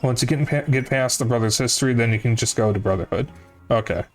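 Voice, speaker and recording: Mid-range and quick, a young man's voice chats casually to his stream viewers. He wanders from point to point, corrects himself as he goes and swears here and there, over faint music.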